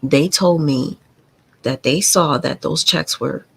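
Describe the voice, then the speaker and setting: A woman's voice: deep voice, slow, gravelly, husky, low-quality recording. A woman hosting a live stream, telling a painful family story in a candid, confiding and profane way. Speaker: livestream host.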